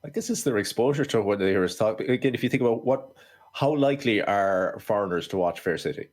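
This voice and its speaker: An Irish man in casual podcast chat, rattling through his opinions at a brisk clip in a fairly low voice. He is blunt and swears freely. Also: expressive, a little mellow. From Ireland. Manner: blunt, quick-fire, swearing. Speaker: podcast co-host. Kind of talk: casual film-review chat.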